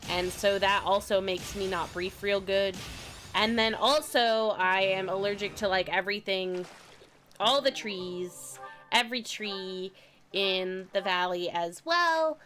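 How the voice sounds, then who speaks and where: Young streamer girl, kinda stuffy after a cold, rambling and giggly, crisp bright voice, takes her time talking. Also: mid-range voice, takes it slowly, faint music behind. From California. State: slightly stuffy, recovering from a cold. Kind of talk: casual gaming stream chat.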